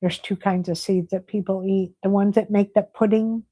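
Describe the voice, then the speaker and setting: A middle-aged woman hosting a casual live stream, chatting and reading viewer comments aloud in an animated way. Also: medium pitch, moderate pace, dry recording, rough recording. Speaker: livestream host.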